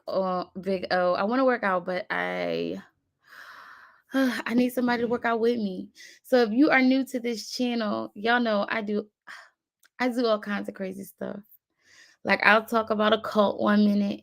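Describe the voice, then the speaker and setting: A woman with a Philadelphia accent chats loosely on her live stream and calls out viewers in the chat by name. Her voice has a gravelly edge in an easy middle register. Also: mid-range voice.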